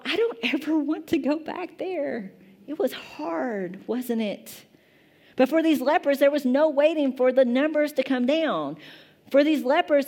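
This pastor's voice is on the high side and a little mellow. A woman in her thirties, she preaches in a church sanctuary, speaking conversationally and frequently asking the congregation questions.

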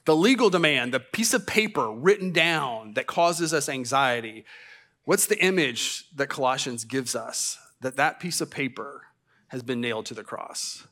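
A man's voice: medium pitch, animated, moderate pace, sharp tone. A middle-aged man preaching a sermon as pastor, conversational with self-deprecating asides and stammered restarts. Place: church sanctuary.

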